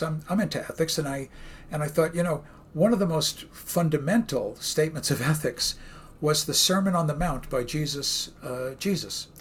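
A man's voice: fairly high pitch, husky. A man with a Brooklyn accent co-hosting a podcast, talking enthusiastically in a rambling, casual way. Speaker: co-host, communication professor. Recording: very echoey room.

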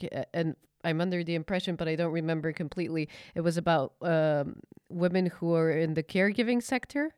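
A woman hosting a podcast interview, asking measured, curious questions. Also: fairly low pitch, a little mellow, clear, resonant tone, no room sound, studio quality. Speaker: podcast host.

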